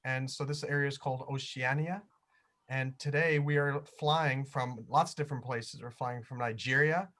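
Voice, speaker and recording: A man's voice: mid-range voice, steady tone, normal speed, fairly bright tone. A man hosting a virtual tour over a video call, chatty and jokey. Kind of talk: casual chat on a video call.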